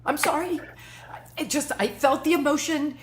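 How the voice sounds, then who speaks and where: An actress playing a lovelorn woman, speaking in a hushed, halting, emotional way in an improv scene on stage. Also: high voice, noisy background, close to an everyday voice. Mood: tearful. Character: tearful lovelorn woman, former lover. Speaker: improv performer. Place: theater stage.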